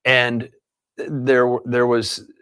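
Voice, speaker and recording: A man's voice: medium pitch, completely flat delivery, drawn-out words, a bit bright, clear, resonant tone. A man hosting a casual live stream, telling long rambling anecdotes between chat with his co-host. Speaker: livestream show host.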